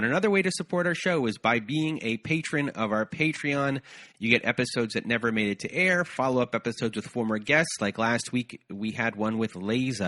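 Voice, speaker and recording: A man's voice: medium pitch, sharp tone. A man hosting a podcast in a casual, chatty way, sometimes stumbling over his words and laughing at himself. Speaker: podcast host.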